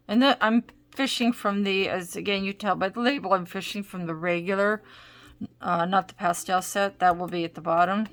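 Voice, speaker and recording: A woman's voice: medium pitch, creaky. A woman hosting a casual art supplies demo at home, chatting and rambling as she tries crayons. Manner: chatty, rambling, self-interrupting. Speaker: art supplies video host. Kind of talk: casual crafting demo talk. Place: home craft desk.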